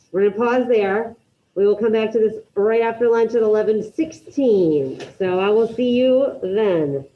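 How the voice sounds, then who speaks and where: A woman teaching a Spanish class to students in the room and online, giving brisk, repeated instructions and modeling pronunciation. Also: medium pitch, a little hiss or hum. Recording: dull lo-fi classroom audio.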